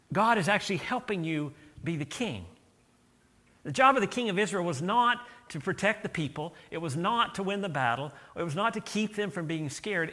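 Bright-voiced man preaching a lively sermon. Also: a little high. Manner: animated storytelling with acted-out quotes. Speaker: pastor.

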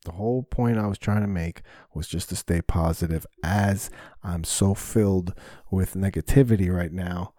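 A man's voice: sits low, moderate pace, dark tone, no room sound, studio quality. A man hosting a solo podcast, talking candidly and rambling, often swearing when frustrated. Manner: candid, self-reflective. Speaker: podcast host.

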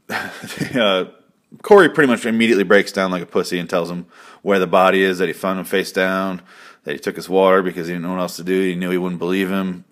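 A man's voice: low voice, a bit bright. A man hosting his own show, rambling through a casual recap with swearing and jokes. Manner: rambling, profane and jokey. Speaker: podcast host.

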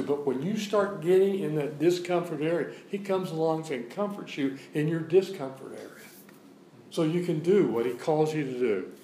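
A man's voice: medium pitch, a little mellow, echoey room, slight background noise, low-quality recording. A man giving a sermon as a guest preacher in a church, preaching in a conversational way and repeating phrases for emphasis. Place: church sanctuary.

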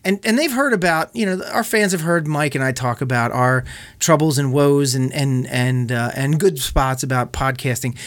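A man's voice: medium pitch, moderate pace, a bit bright. A man hosting a casual podcast, chatty, laughing often and restarting his sentences. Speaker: podcast host.

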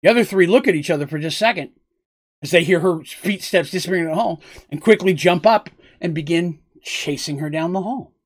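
A man's voice: high-pitched, a little fast. A man narrating a tabletop role-playing game as game master, in a loose, rambling way with frequent asides.

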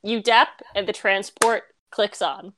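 A woman narrating as game master of a tabletop game, relaxed and chatty with plenty of fillers. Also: mid-range voice, slow pace, a little hiss or hum.

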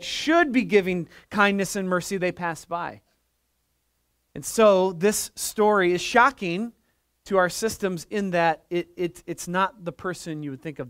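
A man in middle age delivers a church sermon in a high, bright-edged voice. He moves between storytelling and fervent, emphatic preaching. The sound is dry and close, with no room echo. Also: clear, resonant tone. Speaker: pastor.

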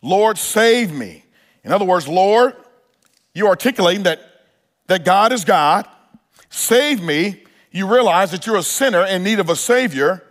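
A man's voice: high-pitched, animated, moderate pace, fairly bright tone. A male pastor preaching a sermon in an earnest style, building to emphatic peaks and often restarting his phrases.

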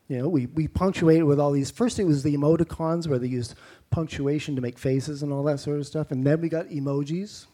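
A man's voice: fairly high pitch, warm tone. A man with a Canadian accent preaching a sermon in a conversational way, with rhetorical questions and mock-incredulous asides.

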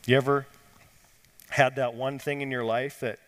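A pastor preaching a sermon, swinging from lifted, urgent lines down to quiet, low emphasis. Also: male voice, level tone, normal speed, smooth. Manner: dynamic preaching, rising and dropping to quiet emphasis. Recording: long hall reverb.

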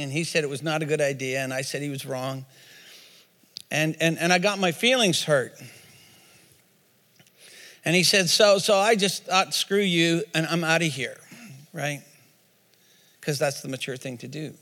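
A man's voice: a little high, bright, forceful tone, big-room sound. A man preaching a sermon as pastor, telling a story with quoted voices and repeated words, then leading a prayer.

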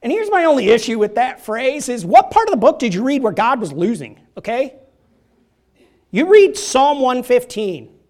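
With an extremely high-pitched, very animated and slightly mellow voice, a man preaches a casual sermon in a church at a moderate pace. He jokes and chats, often asking the crowd "right?".

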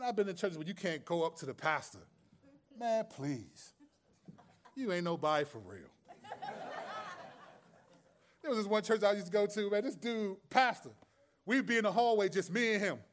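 A man's voice: sits high, very animated, moderate pace. A man preaching a sermon as pastor, conversational and streetwise, with humor and rhetorical questions.

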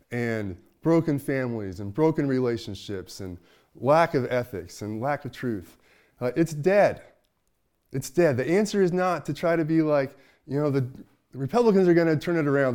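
Conversational man preaching a sermon. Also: on the high side. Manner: conversational, swings from loud to hushed. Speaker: pastor.

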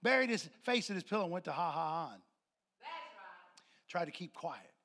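A pastor, a man, preaches to his church in a high, bright voice. He tells stories with lively acted-out dialogue and loud bursts of laughter. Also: fast talker. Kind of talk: sermon. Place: church sanctuary with congregation.

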